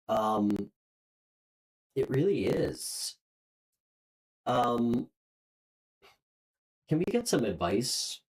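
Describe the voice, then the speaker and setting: A woman's voice: very deep voice, big pitch swings, drawn-out words, pauses often, low-quality recording. A woman hosting a live tarot reading who talks straight to her viewers. She is openly emotional and hesitant, with frequent ums and restarts. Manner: emotional, openly moved, hesitant with many fillers; speaks warmly and directly to viewers. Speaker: tarot reader.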